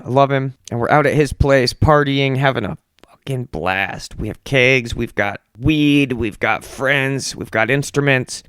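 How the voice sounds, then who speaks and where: A man's voice: mid-range voice, fairly bright tone, smooth, dry recording, studio quality. Loose, profane man telling stories. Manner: loose, profane, acts out quoted voices. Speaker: podcast host. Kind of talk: casual storytelling monologue.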